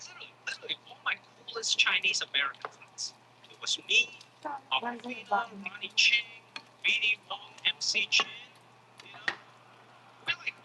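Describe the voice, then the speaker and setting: A male comedian tells a story with a high, very bright voice. His pitch swoops widely as he acts out the other characters and swears casually. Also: slight background noise, rough recording.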